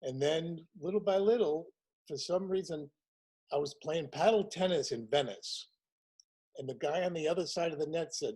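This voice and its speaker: A man in his sixties, a comedian guest telling his show business stories in a lively way and acting out the people he quotes. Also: on the high side, normal speed, husky, low-quality recording. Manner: animated storyteller acting out quotes in other voices. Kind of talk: casual storytelling chat.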